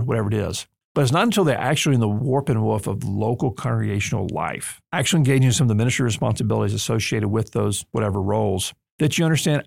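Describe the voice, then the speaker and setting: Man, podcast host, quick delivery, gravelly voice, emphatic and earnest, dry studio sound. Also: on the low side, lively intonation, a little mellow, no echo. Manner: emphatic, earnest, lightly humorous. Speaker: podcast host and seminary leader. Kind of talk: conversational podcast discussion.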